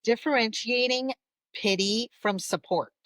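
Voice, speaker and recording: A woman therapist speaking as a guest in a podcast interview. She talks in an animated way, acts out the voices of parents, and often checks in with "'kay?". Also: a little high, a little slow, no room sound.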